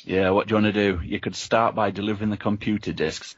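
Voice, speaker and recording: A man reading a gamebook aloud to friends as host, steady and offering them the choices. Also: on the low side, quick pace, breathy edge, highs cut off. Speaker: reader and host.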